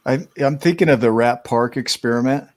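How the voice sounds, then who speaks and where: A man's voice: medium pitch, normal speed, a little mellow. A man hosting a podcast, reflecting thoughtfully in a conversational way, often restarting his sentences. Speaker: host.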